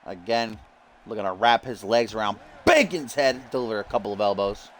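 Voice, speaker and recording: A man doing jokey play-by-play commentary over a wrestling video game, bursting into yells at big moves. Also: fairly low pitch, brisk, slight background noise. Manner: jokey, yells in sudden excitement.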